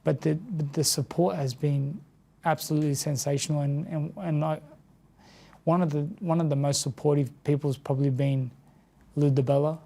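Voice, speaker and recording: A man from Australia in his thirties, a former boxer speaking as an interview guest, talking softly and haltingly, often repeating words. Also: a little high, fairly even intonation, gravelly. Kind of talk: emotional sit-down interview.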